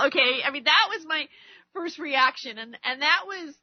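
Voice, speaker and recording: High-voiced woman ranting on radio. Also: lively intonation, moderate pace, no echo. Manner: rambling, stammering, heated; acts out arguments by quoting others. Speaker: radio talk show host. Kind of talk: political rant monologue. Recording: dry, dull lo-fi radio recording.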